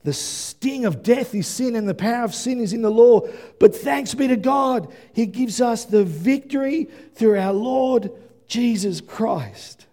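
A male pastor preaching an animated sermon, rising to shouts at the peaks and dropping into quick asides. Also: very high voice.

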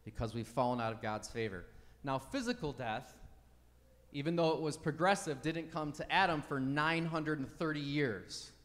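A man's voice: a little high, normal speed, fairly bright tone, big-room sound. A man preaching a teaching sermon, emphatic and checking in with the congregation by asking "right?". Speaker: pastor.

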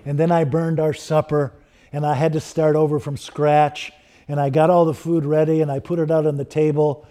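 A man's voice: on the high side, level tone, moderate pace, dark tone, close to an everyday voice. A man voicing an aging widower who confesses his regrets to his daughter within a sermon story. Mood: rueful confession. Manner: confessional, rueful.

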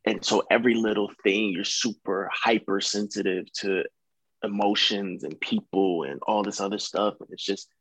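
A young American man, an actor, chatting as a guest in a relaxed, rambling way with many fillers. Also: on the low side, moderate pace, no echo. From United States. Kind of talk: casual interview chat.

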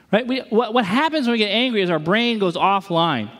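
Guy pastor preaching, animated, does little voices for folks, pretty high pitched. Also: fairly quick, in a large hall. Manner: animated, acts out inner voices. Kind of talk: sermon.

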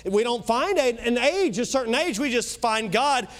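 A man with a Kentucky accent preaching a sermon as pastor, emphatic, swinging between loud and soft, with quick asides. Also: extremely high pitch, animated.

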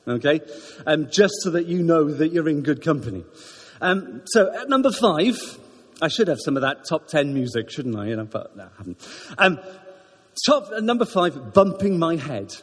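Welsh man with a lively husky voice. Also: fairly high pitch. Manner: chatty, self-deprecating, jokey, halting with ums. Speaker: church member giving a talk. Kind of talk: informal sermon talk. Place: church. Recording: echoey church hall.

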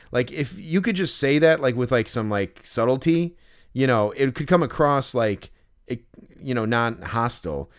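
A man's voice: mid-range voice, expressive, normal speed, smooth. A man co-hosting a podcast in casual chat, rambling with lots of fillers and restarts. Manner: acts out exasperated yelling when quoting himself. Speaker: podcast co-host.

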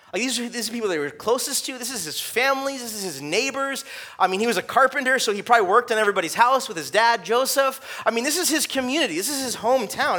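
A man's voice: extremely high pitch, a bit bright. A young adult man preaching a sermon in a casual, conversational way, with lots of fillers. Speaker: pastor.

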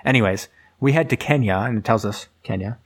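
A man's voice: fairly low pitch, fairly quick, breathy edge. A man casually retelling a film's plot in a rambling, filler-heavy way, as a podcast host. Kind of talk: casual movie recap.

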